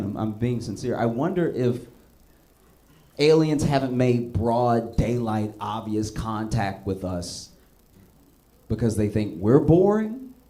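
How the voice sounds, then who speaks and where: A male stand-up comedian telling stories in a conversational way, breaking into animated, high-pitched rants. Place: comedy stage.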